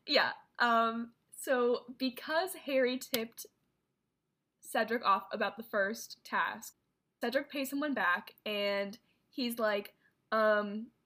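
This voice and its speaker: A woman's voice: a little high, bright, forceful tone. A woman casually recapping a movie plot as a co-host, rambling with lots of filler words. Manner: rambling, filler-heavy storytelling with many "like"s. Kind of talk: casual chat.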